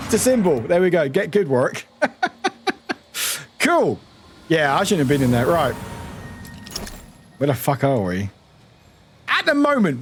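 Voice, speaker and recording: A British streamer who talks through a game live, exclaiming and repeating lines. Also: male voice, fairly high pitch. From United Kingdom. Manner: excitable, exclaiming and repeating itself. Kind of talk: live gameplay commentary. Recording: noisy stream audio.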